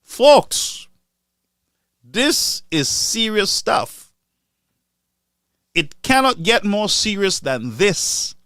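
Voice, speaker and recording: Man, fiery live-stream pundit, higher-pitched, dry close sound. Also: drawn-out words, pauses often, dry recording. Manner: animated, mocking, swings between loud outbursts and low asides. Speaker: live-stream political commentator. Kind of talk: impassioned political commentary.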